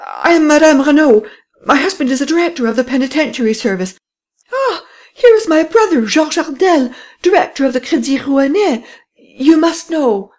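A woman voicing a frantic, breathless society lady who shrieks and weeps in a high, strained voice. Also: very animated, normal speed.

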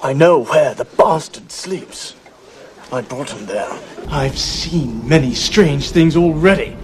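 Casting: a high, tense Southern English young man, crowd noise loud under him. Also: animated, slow. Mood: strained. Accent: Southern English, inconsistent.

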